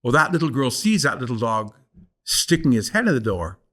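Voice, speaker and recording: A man's voice: mid-range voice, big pitch swings, a little fast, sharp tone. An older man, a guest storyteller, telling a folk tale aloud in a rhythmic, repeating cadence. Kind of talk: oral storytelling.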